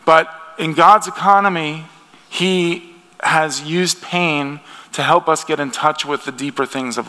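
An American pastor preaches a sermon in an earnest, conversational way, restarting frequently. His voice is fairly high with a sharp tone, and the recording has long hall reverb.

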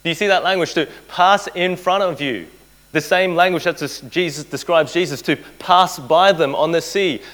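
A man's voice: on the high side, normal speed, a bit bright, low-quality recording. A man preaching a sermon to a live audience, earnest, repeating key phrases and putting rhetorical questions to his listeners.

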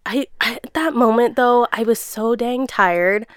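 A young woman in casual conversation, telling her story in a chatty, animated way with frequent laughs. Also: on the high side, measured pace, smooth, no echo, studio quality. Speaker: guest sharing birth story. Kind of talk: casual chat.

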